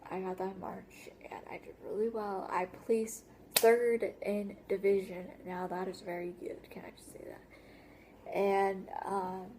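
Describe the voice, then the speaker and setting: A teenage girl vlogs a casual story. Her voice is mellow and warm. She rambles with many fillers and often sinks into a whisper. A faint hiss sits underneath. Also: medium pitch, level tone, measured pace. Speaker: vlogger. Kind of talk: casual story-time vlog.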